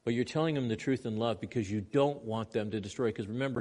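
A man preaching a sermon in church, his delivery swinging between raised, urgent lines and quiet, hushed ones. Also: medium pitch, fast talker, few pauses. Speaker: pastor.

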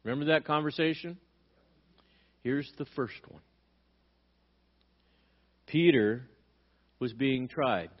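A man preaches a sermon in a mid-pitched voice, leaning hard on rhetorical questions and answering them himself. He acts out the dialogue he quotes with emphasis. The recording sounds a little dull and lo-fi. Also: slow, pauses often. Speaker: pastor.

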